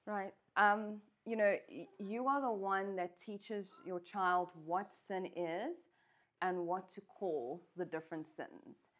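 A woman's voice: mid-range voice, slow. A woman co-hosting a parenting discussion, speaking in a frank, matter-of-fact way. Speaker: co-host, parent.

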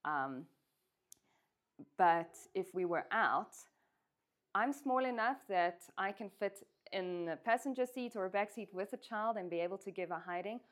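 A woman's voice: medium pitch, lively intonation, unhurried. A woman co-hosting a parenting discussion, speaking in a frank, matter-of-fact way. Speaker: co-host, parent.

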